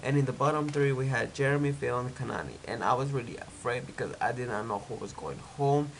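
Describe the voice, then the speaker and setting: A man's voice: medium pitch, brisk, vocal fry, a little hiss or hum, low-quality recording. A young man with a stuffy nose from a cold, recapping a reality show in a chatty, opinionated way, with lots of "like". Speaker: TV recap vlogger.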